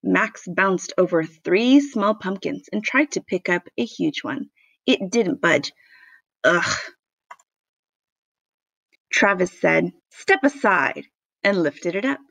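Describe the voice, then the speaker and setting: A woman reading a children's picture book aloud, expressive and playful with sound effects. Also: lowish voice, unhurried, vocal fry, dry recording. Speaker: storybook reader.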